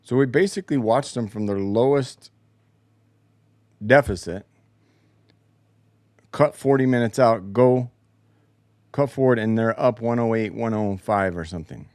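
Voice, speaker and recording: A man's voice: medium pitch, measured pace, pauses often, a little mellow, dry recording, studio quality. A man hosting a casual solo show, telling a profane, exasperated story about a broken game recording. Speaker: podcast host. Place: home basement.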